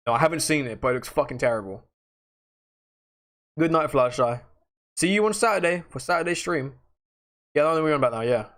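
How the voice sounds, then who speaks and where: Young man rambling on a livestream. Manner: rambling, slangy, laughs, swings between loud outbursts and low mutters. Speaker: livestream host chatting with viewers. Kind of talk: casual livestream chat.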